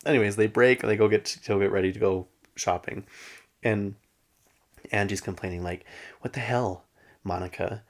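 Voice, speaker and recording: A man's voice: on the low side, fairly even intonation, a little fast. A man hosting a podcast, chatting casually and gossipy as he recaps a reality show, laughing often. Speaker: podcast host.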